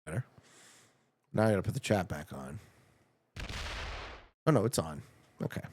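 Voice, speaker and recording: A man's voice: low-pitched, sing-song, normal speed, darkish tone. A man streaming a strategy game live, commenting on his moves, laughing and chatting with his viewers.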